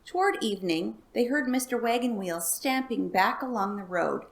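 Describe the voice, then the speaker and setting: A woman reading a children's chapter book aloud in a calm, even way. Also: on the high side, moderate pace, creaky. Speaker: storyteller.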